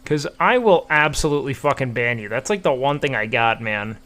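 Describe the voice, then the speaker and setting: A man's voice: mid-range voice, lively intonation, brisk, bright, forceful tone. A young man streaming a game, chatting to viewers casually with profane, playful trash talk. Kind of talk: casual gameplay commentary.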